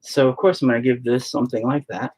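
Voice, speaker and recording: A man's voice: mid-range voice, fairly even intonation, fast, a little mellow, breathy edge. A man hosting a painting livestream from home, talking in a rambling, sarcastic, self-mocking way with plenty of swearing. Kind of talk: casual chat while painting.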